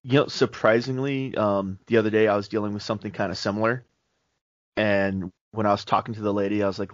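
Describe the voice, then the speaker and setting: A man with a lowish voice co-hosts a casual faith-based podcast. He tells stories in a laid-back, easygoing way. The recording is dry and dull, with a lo-fi podcast sound. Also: fast talker, dry recording. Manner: laid-back, relaxed storytelling. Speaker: podcast co-host.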